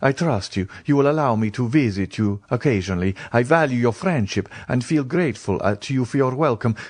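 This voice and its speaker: Audiobook: solemn mysterious count, voiced by the male reader, measured and lively in pitch. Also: no echo, lightly acted. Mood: grave. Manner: grave, measured. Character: grave, mysterious nobleman, restrained.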